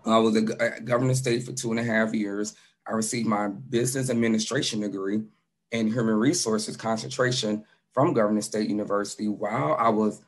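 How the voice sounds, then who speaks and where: An outgoing man in his forties from Chicago, giving a casual self-introduction to a workshop over a video call from his home. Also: medium pitch. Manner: casual, outgoing, repeats himself. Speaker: career services manager and business instructor.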